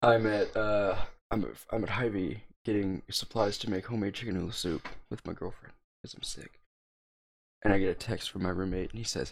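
Gravelly young man telling a story. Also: on the low side, fairly quick. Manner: profane, wry, deadpan delivery of quoted lines. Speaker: podcast co-host. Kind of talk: casual storytelling.

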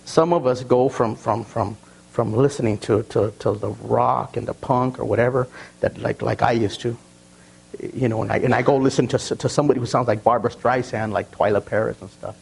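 A man preaching a sermon, stumbling over and repeating words as he tells stories, and reading scripture slowly with emphasis. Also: mid-range voice, fairly even intonation, creaky, darkish tone, breathy edge, low-quality recording. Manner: repeats words and restarts often, storytelling.

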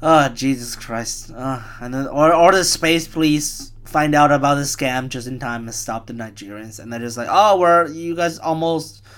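A man's voice: medium pitch, moderate pace, hardly any pauses, a bit bright, clean tone. A man in his twenties hosting a solo podcast, rambling through a rant with a chuckling, profane, self-mocking manner. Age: 20s. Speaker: podcast host.

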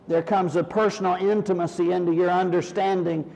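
A man with a high, gravelly voice preaches, swinging between quiet explanation and soaring, shouted prayer. The 1980s recording rings with a long church-hall reverb. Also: fairly quick. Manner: animated preaching that rises to shouts in acted prayers. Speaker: pastor. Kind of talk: sermon.

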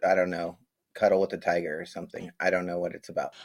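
A man's voice: deep voice, level tone, fast talker, heavy background noise. A man co-hosting a casual podcast, teasing his partner and laughing easily through the banter. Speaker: podcast co-host. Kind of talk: casual chat.

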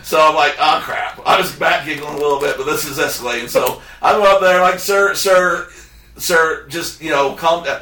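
Bright-voiced man telling a story. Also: on the high side, moderate pace, reverberant, distant mic. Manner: animated, acts out quotes of others. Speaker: podcast host. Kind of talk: casual storytelling chat.

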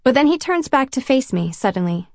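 A woman's voice: sits high, very animated, a little fast, no echo, clean studio sound. A woman reading a novel in first person, with a self-conscious, wry inner voice. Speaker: audiobook narrator. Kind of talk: first-person audiobook narration.

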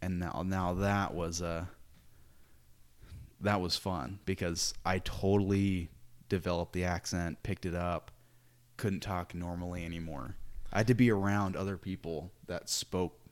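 A young man with a fairly low voice who is a guest on a casual chat show. He tells his stories with animation, often restarting his sentences. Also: fairly even intonation, unhurried.

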